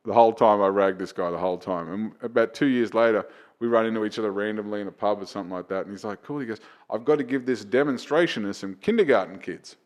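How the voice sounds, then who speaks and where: A man, a comedian guest on a casual podcast, telling a profane story that climbs to loud, excited retelling. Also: on the low side, quick pace.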